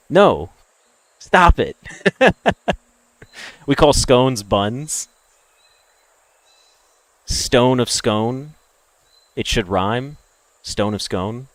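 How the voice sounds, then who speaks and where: A young American man chatting with viewers on a game stream, ranting and opinionated, jumping from loud emphatic bursts to low mutters. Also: no echo. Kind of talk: casual chat with stream viewers.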